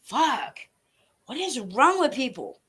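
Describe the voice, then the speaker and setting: Woman with a slightly high voice; furious, foul-mouthed commentator warning someone off. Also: big pitch swings, takes it slowly, a bit bright, slightly rough. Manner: furious, profane, threatening, emphatic. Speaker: online commentator. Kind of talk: angry direct-to-camera rant.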